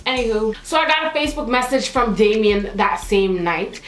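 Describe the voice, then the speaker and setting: A young woman with a high voice tells a storytime vlog in an echoey room. She is sassy and animated, leaning on slang and acting out what people said. She sounds like she is chatting straight to her viewers. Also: normal speed. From Canada. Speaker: vlogger.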